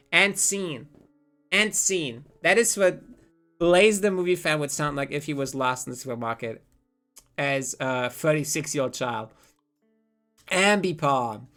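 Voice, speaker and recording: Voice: mid-range voice, measured pace, long pauses, a bit bright, soft background music. Rambling, profane live streamer. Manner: rambling, profane, self-interrupting. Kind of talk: casual live-stream chat.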